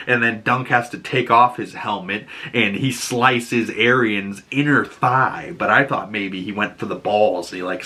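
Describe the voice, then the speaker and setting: A man with a Boston accent, hosting a podcast and recapping a TV episode in a loose, animated way, acting out the characters' lines and swearing casually. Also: fairly low pitch. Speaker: podcast host.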